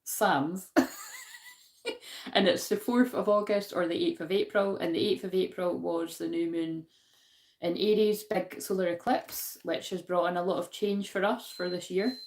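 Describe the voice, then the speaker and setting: A woman's voice: lowish voice, fairly even intonation, moderate pace, darkish tone. A woman with a Glaswegian accent hosting a spiritual card-reading live stream in a chatty, self-deprecating way, laughing often and talking back to her viewers. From Scotland. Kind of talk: casual live-stream chat with verse reading.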